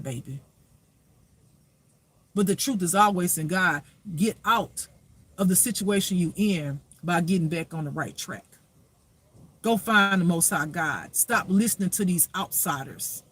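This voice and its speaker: A man's voice: high-pitched, a little slow, fairly bright tone. A man giving a spiritual reading as a life teacher, preaching emphatically with rhetorical questions.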